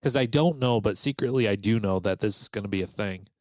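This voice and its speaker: A man's voice: on the low side, quick pace, no room sound. A man casually telling a story on a podcast, acting out the voices of the people in it. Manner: animated, acts out quoted voices. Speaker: podcast host.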